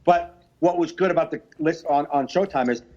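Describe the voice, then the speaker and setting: A man co-hosting a podcast, chatting casually, telling stories at length with restarts and quick bursts of mimicry. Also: a little high, highs cut off. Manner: rambling, animated storytelling with impressions. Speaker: podcast co-host. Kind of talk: casual chat.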